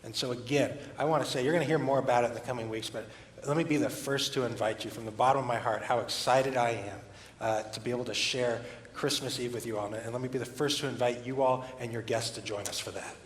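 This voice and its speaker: Guy doing church announcements really fast, excited, echoey hall with a little hiss. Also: medium pitch. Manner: quick, enthusiastic, inviting. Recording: echoey hall from far off with faint noise.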